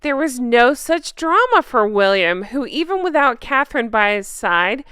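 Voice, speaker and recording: A woman's voice: a little high, big pitch swings, normal speed, a bit bright, clean tone, no echo, studio quality. A woman hosting a casual commentary vlog, sarcastic and gossipy, laughing often and reading articles aloud. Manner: reads news articles aloud. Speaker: royal commentary channel host.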